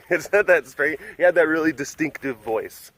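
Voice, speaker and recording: Chatty man with a lively, bouncy voice. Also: fairly high pitch, unhurried. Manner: chatty, with affectionate baby talk to the cats. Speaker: animal sanctuary webcast host. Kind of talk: casual walking vlog. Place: outdoors at a big cat compound.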